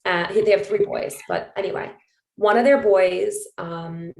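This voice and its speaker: Chatty lady podcast host, mid pitch, kinda echoey room. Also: a little slow, vocal fry. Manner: chatty, many fillers like "like" and "um". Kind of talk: casual conversation, storytelling. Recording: roomy echo.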